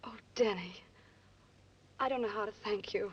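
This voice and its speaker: A woman's voice: mid-range voice, normal speed, slightly rough. A desperate young mother. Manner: urgent, pleading. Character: desperate young mother hiding her baby. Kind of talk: 1930s film dialogue. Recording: dull old film soundtrack with hiss.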